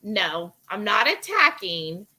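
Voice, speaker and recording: A woman's voice: medium pitch, big pitch swings, slow pace, pushed and bright. A woman hosting a live cooking stream, casually reading out viewer comments and greeting each viewer by name. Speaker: cooking livestream host reading chat.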